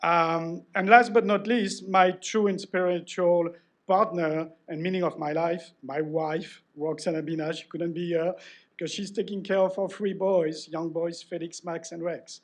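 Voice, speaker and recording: A man's voice: on the high side, fairly even intonation, a little slow. A middle-aged man with a French accent giving a joking, self-deprecating award acceptance speech and thanking people by name.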